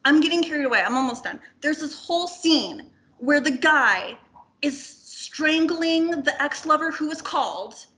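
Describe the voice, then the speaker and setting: A woman's voice: high voice, moderate pace. A woman guest on a film podcast, talking casually and rambling with lots of "like" and the odd swear word. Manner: animated, rambling, heavy filler "like", swears casually.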